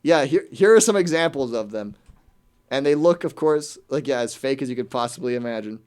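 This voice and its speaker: A man's voice: medium pitch, animated, a little fast, a little mellow, clean tone. A man hosting a radio show, ranting in casual comedic chat with a mocking, incredulous manner.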